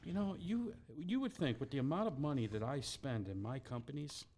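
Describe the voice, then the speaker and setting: A man's voice: medium pitch, expressive, a little fast, a little mellow, slight background noise. A man co-hosting a casual live-streamed podcast on a headset mic, joking and grumbling about his gear. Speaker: podcast co-host.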